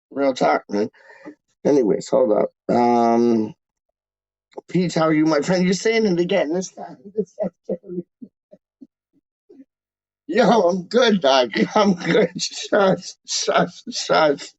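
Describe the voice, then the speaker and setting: Gravelly rambling man on a lo-fi stream. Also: on the high side, a little mellow, dry recording. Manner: rambling, slangy, heavy on filler words. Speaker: live-stream host reading chat. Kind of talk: casual live-stream chat. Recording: dull lo-fi dry recording.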